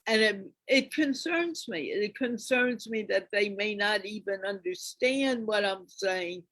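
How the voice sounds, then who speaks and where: Slow, deliberate woman moderating a panel. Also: medium pitch, a bit bright, dry recording, low-quality recording. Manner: deliberate, asks questions carefully. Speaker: conference moderator. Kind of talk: conference panel discussion.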